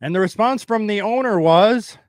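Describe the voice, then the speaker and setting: A man's voice: sits high, normal speed, no room sound. A man hosting a casual podcast, rambling loosely as he sets up a comedy bit. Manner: rambling, setting up bits. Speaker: podcast host. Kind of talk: casual chat.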